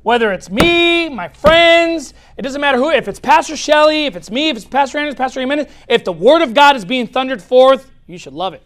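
A man preaching a sermon as pastor, swinging from loud declarations to quiet asides and laughing at his own points. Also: extremely high pitch, expressive, a little fast, hardly any pauses.

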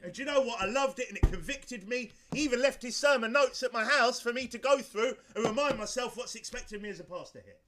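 A man's voice: very high-pitched, fast, few pauses, noisy background. A male pastor preaching a sermon, emphatic and driving, who repeats his points and fires off rhetorical questions.

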